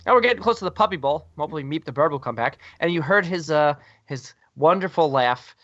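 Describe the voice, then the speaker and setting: A slightly high-voiced man hosts a podcast, rambling from one joke to the next with plenty of ums and uhs. The recording is dry and a bit dull, like a lo-fi home setup. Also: lively intonation, fast, a bit bright, dry recording. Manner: rambling and jokey, with many fillers. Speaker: podcast host. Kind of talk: casual chat.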